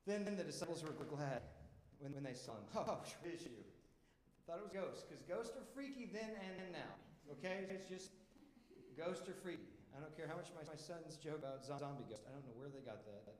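A man's voice: fairly high pitch, expressive, fairly quick, a little hiss or hum. A pastor preaching a sermon in a casual, emphatic way, asking the congregation questions and often repeating words as he restarts. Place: church hall. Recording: echoey hall with long reverb.

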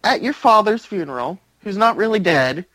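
A man co-hosts a casual podcast, recapping wrestling with a lively, swooping pitch. He acts out bits of the story as he goes, and his voice is recorded dry and close. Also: normal speed, no room sound, poor audio. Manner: animated storyteller, acts out quotes. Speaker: podcast co-host.

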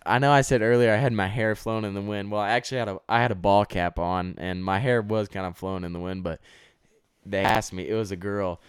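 A man with a Texan accent spins a rambling anecdote on a podcast. His voice sits low and sounds smooth and clean. The room is dead dry, with no echo at all. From Texas. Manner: animated storyteller, drawn-out anecdotes with restarts. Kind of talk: casual podcast chat, storytelling.

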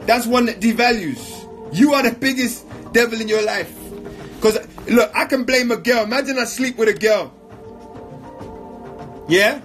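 A man's voice: extremely high pitch, fairly bright tone. A man giving an emphatic, repetitive motivational talk in slang while answering audience questions.

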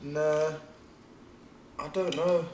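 A man's voice: a little high, level tone, extremely slow, a little mellow, slight background noise. Chatty man, roomy home recording. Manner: loose, filler-heavy banter. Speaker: podcast co-host. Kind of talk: casual chat. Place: living room of a home.

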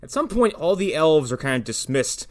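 A man's voice: fairly high pitch, sing-song, normal speed. A man casually riffing on a movie with friends, blunt and crude. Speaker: podcast co-host.

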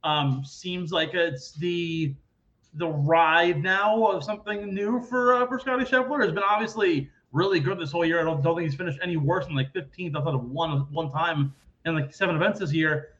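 A man hosting a casual sports podcast, talking in an animated, rambling way and acting out quoted people loudly. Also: fairly high pitch, normal speed, dull audio. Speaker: podcast host.

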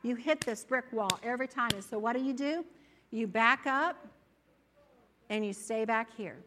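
A woman preaching a sermon in a church, animated and conversational, often acting out the doubts of her listeners. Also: a little high, normal speed. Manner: animated, acts out inner voices.

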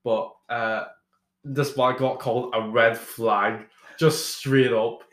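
A young man from Ireland tells stories in a loose, rambling way, restarting sentences and swearing casually. His voice sits mid-pitch in an echoey room. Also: steady tone, takes it slowly, a bit bright. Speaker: podcast guest. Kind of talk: casual storytelling chat.

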